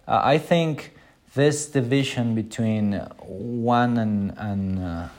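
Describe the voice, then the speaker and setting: A man's voice: mid-range voice, slow pace, a little mellow. A man, a pastor, teaching an unscripted Sunday School Bible lesson, with many filler sounds and quoted lines acted out in a raised voice.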